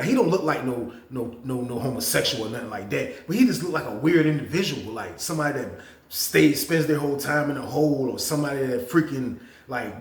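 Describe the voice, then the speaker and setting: A man hosting a casual storytime, animated and profane, talking straight to his viewers. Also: medium pitch, reverberant. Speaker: storytelling channel host. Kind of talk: casual storytime about prison.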